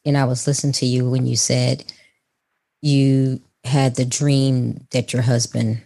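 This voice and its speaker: A woman's voice: very deep voice, little pitch movement, a little slow, warm tone. A woman hosting an interview, responding in an encouraging, reflective way with frequent restarts. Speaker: interview host. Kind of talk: conversational interview.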